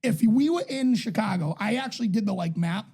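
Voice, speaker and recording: A young man, co-hosting a casual podcast and telling stories in a profane, animated way. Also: sits high, a little fast, gravelly, slightly rough. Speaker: podcast co-host.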